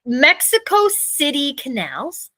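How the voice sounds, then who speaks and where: A woman's voice: high-pitched, huge pitch swings, slow pace, bright, forceful tone, dry recording, low-quality recording. A Canadian woman co-hosting a casual ghost-story podcast, reading from her notes loosely and stumbling over names. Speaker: podcast co-host.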